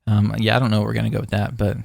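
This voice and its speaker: A man's voice: lowish voice, completely flat delivery, very fast, gravelly, a little mellow, no room sound, studio quality. A man co-hosting a podcast in casual chat, rambling with lots of fillers and restarts. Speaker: podcast co-host.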